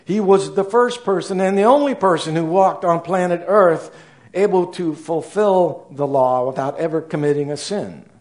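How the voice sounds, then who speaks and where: A man in his sixties preaching a sermon, building emphasis and letting phrase ends fall soft. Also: on the high side. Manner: slow, deliberate delivery with rising emphasis and soft trailing phrase ends.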